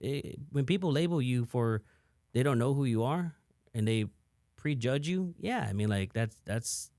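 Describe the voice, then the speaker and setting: A man's voice: medium pitch, expressive, normal speed, darkish tone, no room sound, clean studio sound. A middle-aged man from San Antonio speaking as a podcast guest, talking frankly and restarting his sentences, with lots of "you know.". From San Antonio, Texas. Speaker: podcast guest, event entrepreneur. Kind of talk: candid conversational interview.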